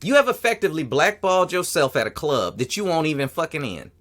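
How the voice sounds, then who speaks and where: A man's voice: on the high side, big pitch swings, fast, a bit bright. A man hosting a podcast, telling a story in casual, profane chat and acting out other people's lines. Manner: profane storytelling, acts out quotes. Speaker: podcast host.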